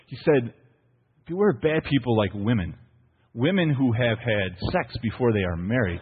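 A pastor preaches a playful, story-filled sermon to his church, his expressive pitch rising and falling a lot at normal speed while he asks the congregation "right?" His husky voice sounds thin like a phone line, with a long echo hanging in the hall.

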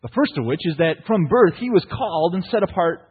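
A man's voice: sits high, lively intonation, a little fast, breathy edge, in a large hall, phone-quality sound. A pastor, preaching a sermon to his congregation in a playful storytelling manner, often asking "right?". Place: church.

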